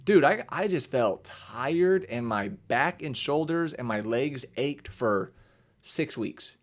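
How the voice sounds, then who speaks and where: Young dude chatting on a podcast, animated, swears a lot, does goofy high voices for quotes. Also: male voice, slow pace. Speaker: podcast host. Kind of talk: casual chat.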